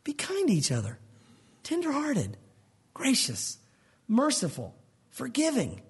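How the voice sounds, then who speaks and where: A man's voice: very high-pitched, huge pitch swings, unhurried, slightly rough. A man preaching a sermon in a conversational, earnest way, explaining verses in plain words and calling the listeners "guys". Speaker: pastor.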